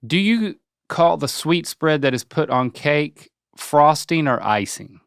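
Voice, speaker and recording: A playful young man hosting a casual chat, his pitch swinging up and down as he jokes and rattles off options. The recording is dry and close, with no room sound. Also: animated, gravelly, clear, resonant tone, no echo. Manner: playful, joking, lists options rapidly. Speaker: podcast host. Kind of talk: casual chat, quiz questions.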